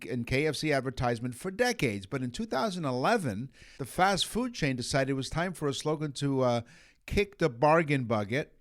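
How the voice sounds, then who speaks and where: Middle-aged canadian guy cohosting, reads trivia, makes puns, voice jumps all over. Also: medium pitch. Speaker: podcast co-host. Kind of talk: casual chat.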